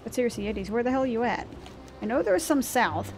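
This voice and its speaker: A woman's voice: fairly high pitch, expressive, quick pace, darkish tone. A woman streaming a game, chatting casually and swearing at the monsters she fights. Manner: chatty, profane, talks to the game's monsters. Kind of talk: casual gameplay commentary. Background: game music.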